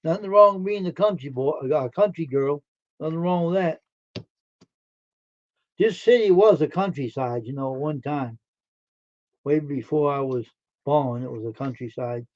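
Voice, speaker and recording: A man's voice: a little high, unhurried, pauses often, a little mellow. Folksy chatty man on a lo-fi stream. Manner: folksy, chatty, answers chat comments. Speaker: live stream host. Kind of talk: casual chat with viewers.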